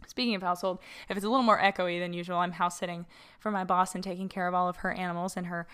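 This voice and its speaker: A woman's voice: fairly low pitch, little pitch movement, rapid-fire, a bit bright, clean tone. A young woman hosting a casual solo podcast, talking in a chatty way with frequent fillers and laughs, recorded on her own mic in a house. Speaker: podcast host. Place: borrowed house, slightly echoey room.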